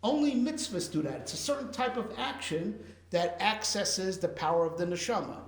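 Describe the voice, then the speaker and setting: High-voiced rabbi teaching in an echoey room. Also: male voice, moderate pace. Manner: animated, explains with rhetorical questions and fillers. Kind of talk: Torah class lecture.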